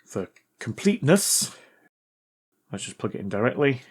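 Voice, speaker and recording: A man hosting a repair video, reading a viewer's letter aloud and thinking out loud as he tests a gadget in a casual, chatty way. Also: medium pitch, sing-song, normal speed, slightly rough. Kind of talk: casual hands-on repair commentary.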